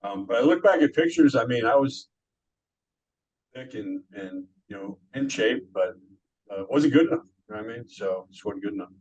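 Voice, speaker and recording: A man talking modestly and reflectively as an interview guest, with pauses and fillers. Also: mid-range voice, lively intonation, a little mellow, slightly rough, dull audio. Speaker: guest, former pro bodybuilder. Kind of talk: casual interview chat.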